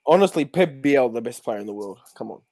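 A man's voice: medium pitch, lively intonation, brisk, creaky, a little mellow. A man on a video call, joining a live stream as a guest, full of cheeky, slangy trash talk. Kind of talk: casual live-stream chat.

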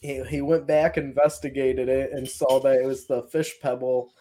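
A man's voice: mid-range voice, flat delivery, normal speed, dark tone, slight background noise. A man, a guest paranormal investigator, telling his stories in a loose, rambling way with plenty of fillers. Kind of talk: casual storytelling.

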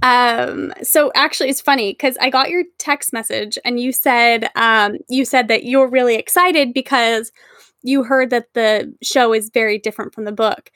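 A young woman with a Californian accent co-hosting a podcast, chatting excitedly with an upward inflection. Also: fairly high pitch, moderate pace, no echo, clean studio sound. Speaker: podcast co-host. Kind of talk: casual chat.

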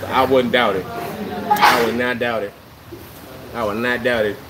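A man co-hosting a podcast, bantering loosely in slang and getting loud when hyped. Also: medium pitch, little pitch movement, a little slow, heavy background noise. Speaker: podcast co-host. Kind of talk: casual chat.

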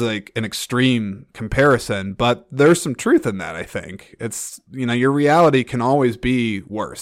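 A man's voice: lowish voice, no room sound, clean studio sound. A man hosting a solo film podcast, talking in an earnest, rambling way with frequent restarts and fillers. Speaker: podcast host.

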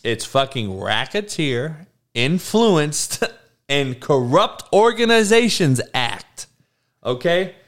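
A middle-aged man rants with blunt sarcasm and constant profanity. His pitch swings widely, but he takes his time, stumbling over repeated words before pushing on. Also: very animated, slow, fairly bright tone. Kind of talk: profane rant.

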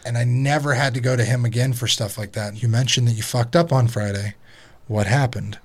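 A man of ordinary pitch talks loosely on a podcast, swearing freely. He tells family stories with open feeling. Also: fairly even intonation, fairly quick, slightly rough. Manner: profane, heartfelt storytelling about family. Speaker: podcast co-host. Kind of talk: casual chat.

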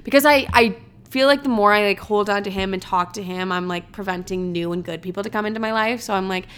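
A young woman chats on her own podcast in a casual, dramatic style, swearing freely and sprinkling "like" everywhere. She talks at a quick pace in a mid-range voice that is a bit bright, clear, and resonant.

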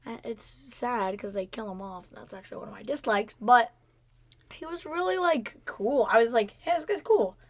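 A young woman gives her take on a TV show in easygoing chat. She is giggly and talks in quick bursts, with a voice a little higher than most. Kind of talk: casual chat about a TV show.

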